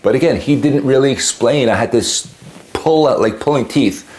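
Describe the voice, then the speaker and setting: A man's voice: mid-range voice, moderate pace. A man telling a story to the camera, casual and exasperated, acting out bits of the exchange as he goes. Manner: exasperated, animated retelling with acted quotes. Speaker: homeowner telling a customer-service story.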